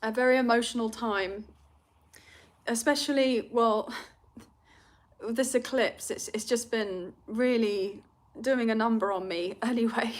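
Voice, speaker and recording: Young british woman chatting on a live stream, nervy laughs, lots of ums, kinda high voice. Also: measured pace. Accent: British, London. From Britain. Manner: emotional, rambling, with many fillers and nervous laughs. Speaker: tarot reader hosting a livestream. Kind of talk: casual livestream chat reading comments.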